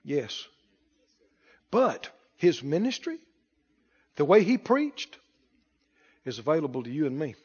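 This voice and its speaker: A man preaching a sermon in call-and-response style, building to shouted emphasis. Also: fairly high pitch, big pitch swings, slow pace, long pauses, slightly rough, long reverb tail, lo-fi sound. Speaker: pastor.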